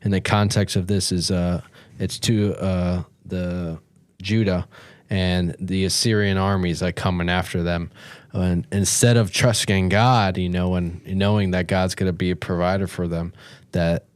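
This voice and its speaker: A man's voice: low-pitched, flat delivery, a little slow, smooth, no echo. A man co-hosting a church talk show, chatting casually about faith with many fillers and frequent laughs.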